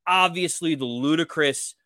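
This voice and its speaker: A man co-hosting a casual sports podcast, breaking down a game in an animated, emphatic way. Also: on the high side, moderate pace, dry recording, clean studio sound. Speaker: podcast co-host.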